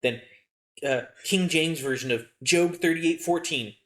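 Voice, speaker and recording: A man's voice: fairly high pitch, a little slow, fairly bright tone. A young man co-hosting a podcast in casual chat, laughing often and rambling with lots of fillers. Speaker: podcast co-host.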